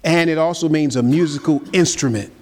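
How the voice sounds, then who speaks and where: A pastor preaches briskly as the large hall's long reverb rings around him. He throws rhetorical questions at the congregation and shifts between loud, high-pitched emphasis and quiet, low asides.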